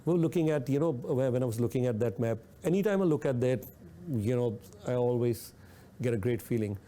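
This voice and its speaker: A man's voice: mid-range voice, a little fast, warm tone, a little hiss or hum. A man hosting a radio talk show, speaking earnestly and repeating points for emphasis. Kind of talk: reflective talk radio discussion.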